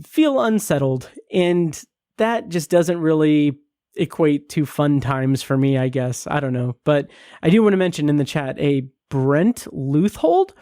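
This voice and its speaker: A man's voice: a little high, a little slow, warm tone, dry recording, studio quality. A man hosting a film podcast in casual chat, rambling with many fillers and frequent laughs. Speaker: podcast host.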